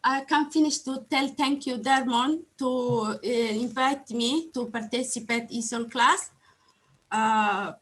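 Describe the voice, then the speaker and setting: A woman whose first language is Somali, speaking halting English on a video call, often searching for words and apologizing, audibly emotional. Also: sits high, a bit bright, low-quality recording. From Somalia or Italy. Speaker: adult English learner. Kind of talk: online conference testimony.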